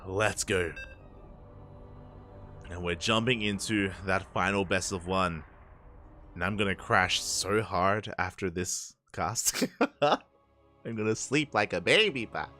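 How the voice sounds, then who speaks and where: A man's voice: deep voice, takes it slowly, long pauses, pushed and bright, faint music behind. A man casting a live game late at night, tired and slightly slurring his words, chatty and full of repeated hype lines. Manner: chatty, hypes with repeated catchphrases. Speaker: esports caster.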